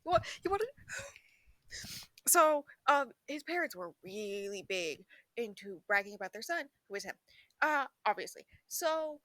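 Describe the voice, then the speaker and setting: A woman's voice: high-pitched, bright, forceful tone, no echo. Chatty young woman rambling about books. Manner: rambling, filler-heavy, laughs often, breaks into quick acted quotes. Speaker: book vlogger. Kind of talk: casual book review chat.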